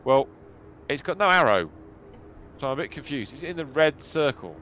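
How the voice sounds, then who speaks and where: A British man chats over a co-op game stream, chatty and animated. His voice is bright and swings lively in pitch, with faint noise under the mic. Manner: chatty, animated, quick exclamations. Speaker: gamer streaming with friends. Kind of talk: casual game-stream chat.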